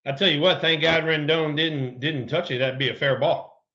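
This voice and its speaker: Male co-host, storyteller, slightly high pitch, muffled lo-fi audio. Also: moderate pace. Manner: animated storyteller, repeats words, acts out quotes. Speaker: co-host, former ballplayer. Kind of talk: casual storytelling chat.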